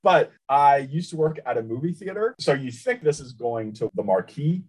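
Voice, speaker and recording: A man's voice: medium pitch, normal speed, husky, poor audio. A man co-hosting a podcast, chatting casually about comics and telling stories with a laugh now and then. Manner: chatty, animated storytelling with laughs. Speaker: podcast co-host.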